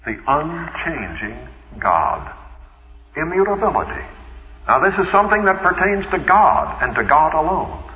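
A man's voice: on the high side, sing-song, unhurried. A man teaching the Bible in a radio sermon, conversational, with rhetorical questions and homely asides. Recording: echoey hall, dull old radio broadcast.

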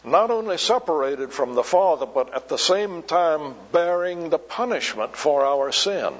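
A male preacher delivers a sermon at a deliberately slow pace, leaning on repeated words for emphasis. His voice sits a little high for a man. The recording is dull and lo-fi. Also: lively intonation, in a large hall.

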